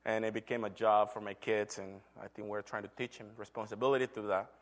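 A man's voice: on the low side, fairly even intonation, quick pace. A middle-aged man, a church elder, giving an earnest sermon testimony told as a story. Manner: earnest, storytelling with acted quotes.

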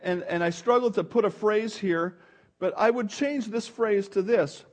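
Male pastor, middle-aged, fairly high voice, earnest emphatic sermon delivery. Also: a little slow, a little mellow. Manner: earnest, emphatic preaching with restarts.

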